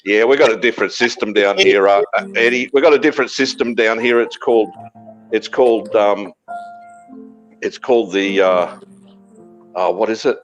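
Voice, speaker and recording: A man's voice: fairly low pitch, normal speed, long pauses, muffled recording. A man with an Australian accent talking casually on a livestream, profane and blustering, repeating his points. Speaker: livestream participant. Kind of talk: casual chat. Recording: loud background music.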